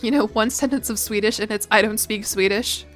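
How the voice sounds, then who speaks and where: A woman's voice: medium pitch, steady tone, a little fast, soft background music. A young woman in her twenties, chatting casually and rambling as a streamer while she plays, swearing now and then. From United States. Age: 20s. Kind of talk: casual chat while gaming.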